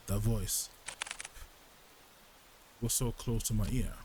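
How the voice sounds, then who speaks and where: A man's voice: on the low side, fairly even intonation, takes it slowly, noisy background. A man reading the lines of a shaken young male detective who insists he is fine. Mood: tense.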